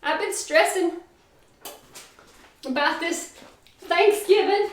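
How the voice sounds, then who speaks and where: A woman's voice: extremely high pitch, slow pace, roomy sound, far from the mic, slight background noise. A woman voicing a fretful female butternut squash who confides her worries in a gossipy way. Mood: fretting.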